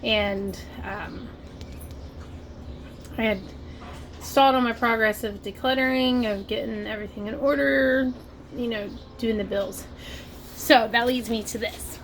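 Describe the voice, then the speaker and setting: A woman's voice: fairly high pitch, fairly even intonation, measured pace, pauses often, slight background noise, rough recording. A woman from Ohio telling a story to camera in a chatty vlog, with lots of "like" and "oh my gosh". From Ohio, USA. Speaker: vlogger. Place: home, dogs nearby. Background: barking dogs.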